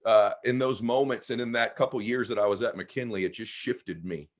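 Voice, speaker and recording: A man, a guest on an interview podcast, telling personal stories with animated emphasis. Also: lowish voice, moderate pace. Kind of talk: storytelling conversation.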